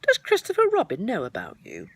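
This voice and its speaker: A woman voicing a gentle, kindly young male bear, talking mildly. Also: medium pitch, wildly swooping pitch, brisk, slightly rough, voice pushed up, full character voice.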